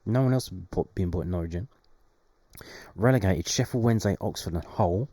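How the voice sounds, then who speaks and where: Brief: young man, low mellow voice, chatty and wry, dry close sound. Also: fairly quick, no echo. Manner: chatty, wry asides, London slang. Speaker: fan channel host. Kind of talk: casual solo commentary, reading predictions aloud.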